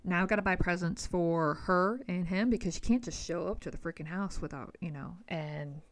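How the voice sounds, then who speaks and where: A woman's voice: fairly low pitch, moderate pace. A woman in her thirties hosting a solo podcast, venting about the holidays in a frank, exasperated way and swearing freely. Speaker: podcast host.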